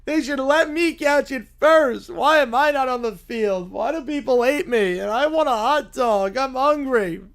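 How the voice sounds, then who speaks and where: A man's voice: extremely high pitch, measured pace, few pauses, a bit bright, pitched above the performer's own voice, full character voice. A man voicing a whiny, sulky little boy bear who complains nonstop. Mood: whining. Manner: whining, complaining.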